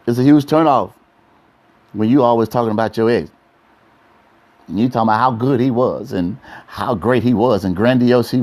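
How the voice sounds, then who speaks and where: A man's voice: medium pitch, a little mellow. A man, a pastor, preaching casually to live-stream viewers about relationships, playful and repetitive, talking straight to his audience. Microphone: phone live stream.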